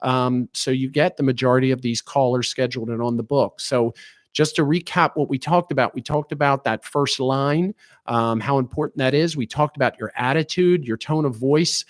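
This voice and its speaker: A man's voice: medium pitch, normal speed, no echo. Earnest man coaching front desk staff. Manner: earnest, filler-heavy coaching; acts out phone calls in a raised voice. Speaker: chiropractic practice trainer. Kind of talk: front desk training talk.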